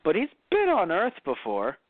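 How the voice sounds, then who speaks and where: A man co-hosting a casual review podcast, rambling and animated, cursing now and then. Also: high-pitched, normal speed, no echo. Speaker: podcast co-host. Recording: tinny phone-like audio.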